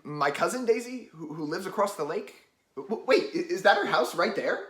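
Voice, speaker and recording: A man's voice: sits high, animated, moderate pace, fairly bright tone. A stammering, awkward young man. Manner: stammering, hesitant. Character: awkward, hesitant young narrator type. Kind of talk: student comedy stage play.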